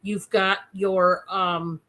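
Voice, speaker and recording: Speaking extremely slowly in a mid-range voice, a woman runs a laid-back live-stream sale. She's talkative and excitable, and fillers crop up constantly.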